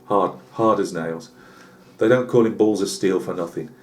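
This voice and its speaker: Speaking at a normal speed in a voice that sits low, this British man rambles through a comic tall tale on his channel. He's chatty as the host, with plenty of asides and fillers.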